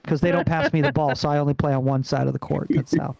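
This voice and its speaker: A man doing a rambling stand-up set over a video call, pausing often with ums and uhs. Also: on the high side, steady tone, gravelly, a little mellow, no room sound, poor audio. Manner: rambling, halting delivery with many fillers. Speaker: stand-up comedian.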